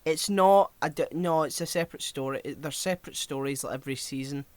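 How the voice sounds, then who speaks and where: A man's voice: on the high side, quick pace, no room sound. A man co-hosting a podcast, talking casually and steering the film discussion as he recounts scenes. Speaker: podcast co-host.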